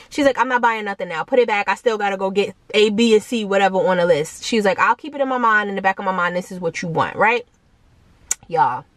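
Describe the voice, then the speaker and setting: A young adult woman vlogging a casual storytime, animated, with many fillers and asides to her viewers and higher-pitched quoted voices. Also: dry recording.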